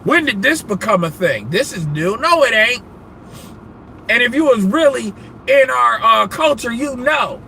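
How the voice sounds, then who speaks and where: Male streamer, bright ringing tone, loose profane rant delivery. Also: extremely high pitch, a little slow, creaky, slight background noise. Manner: animated, profane, rambling, laughs often. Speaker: livestreamer. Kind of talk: casual live-stream rant.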